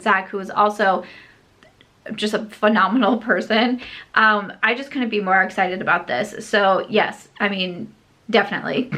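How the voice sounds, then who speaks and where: A woman beauty vlogger talks straight to camera in an easy, chatty way. Her voice is bright and forward, set at an ordinary pitch for a woman. She gushes excitedly, piles on the filler "like", and corrects herself as she goes. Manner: frequent filler "like" and self-corrections. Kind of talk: casual chat to camera.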